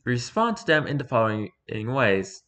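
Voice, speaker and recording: A man reading a rules-style horror story aloud for his channel, lively, with occasional stumbles and restarts. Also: medium pitch, normal speed. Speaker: YouTuber reading horror stories.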